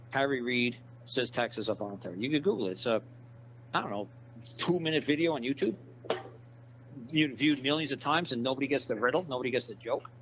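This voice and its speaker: A man's voice: medium pitch, fairly bright tone. A blunt man talking in a rambling, profane way, pressing his points over and over. The audio is dull and lo-fi, with a faint hiss behind him. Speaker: interview guest. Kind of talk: casual interview talk.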